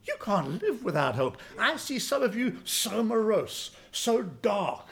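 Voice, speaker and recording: A man in his sixties preaching a sermon as pastor, folksy and emphatic, swinging from quiet asides to loud exclamations. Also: sits high, very animated, measured pace. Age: 60s.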